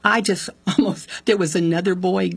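A woman telling the story of her conversion in conversation. She acts out what people said with sudden jumps in pitch and laughs often. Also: steady tone, moderate pace, gravelly, husky, dry recording. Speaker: guest sharing her faith testimony.

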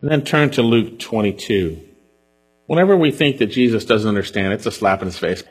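Husky-voiced man preaching earnestly. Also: fairly low pitch, animated, a little fast. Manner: earnest, drops to a hush on key points. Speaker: pastor. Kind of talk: sermon with scripture reading.

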